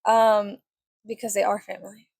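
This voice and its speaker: Chatty, cursing woman with a gravelly voice. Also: mid-range voice, flat delivery, normal speed, a little mellow, dry recording. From Mexican family. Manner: chatty, swears often, filler-heavy, rambling. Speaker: vlogger. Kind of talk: casual storytime while doing makeup.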